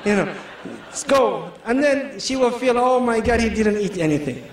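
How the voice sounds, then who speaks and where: Joking preacher in an echoey hall. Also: male voice, very high voice, animated, moderate pace, distant mic. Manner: joking, anecdotal, laughs often. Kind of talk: humorous sermon.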